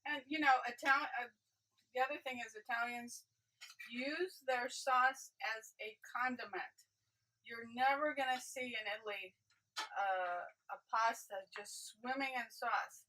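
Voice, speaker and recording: Bright-voiced woman chef, mic at a distance. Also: on the high side, fairly even intonation, measured pace. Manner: chatty, explaining as she cooks. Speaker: chef and food truck owner. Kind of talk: cooking demonstration. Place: inside a food truck kitchen.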